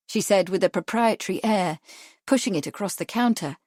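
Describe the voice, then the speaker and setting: A woman narrating a mystery audiobook in a calm, measured reading. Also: medium pitch, dry recording, studio quality. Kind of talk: scripted narration.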